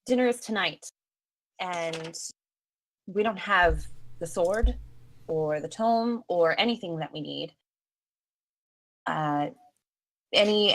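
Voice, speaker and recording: A woman's voice: medium pitch, a bit bright, poor audio. A woman playing a tabletop game in a chatty, upbeat way, full of fillers. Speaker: player.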